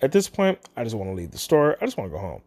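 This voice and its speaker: A lively vlogger tells a store story in a casual, chatty way. The voice jumps around a lot in pitch, dropping to low asides and then shooting up for punchlines, all in a steady middle register. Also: racing. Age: adult, parent. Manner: animated, swings between mutters and exclaims.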